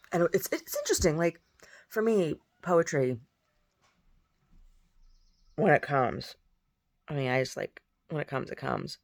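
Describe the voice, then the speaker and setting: A woman, a painter and poet, chatting casually and at length, rambling softly with many restarts. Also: low voice, lively intonation, takes it slowly, pauses often, no echo. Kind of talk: casual monologue.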